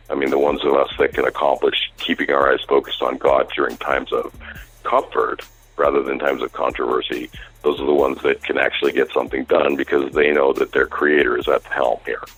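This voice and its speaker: Brief: older male guest, very low husky voice, rambling storyteller, faint music behind. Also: poor audio. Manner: rambling, animated when quoting dialogue. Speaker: music industry executive, guest. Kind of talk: casual interview storytelling.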